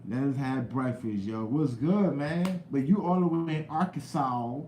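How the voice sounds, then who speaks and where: A young man chats casually on a live stream, drifting from topic to topic and calling out viewers by name. His voice is mellow and relaxed. The room echoes around him, with a faint hiss underneath. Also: mid-range voice, a little slow. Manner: loose, rambling talk with slang and cursing, greets chat viewers loudly.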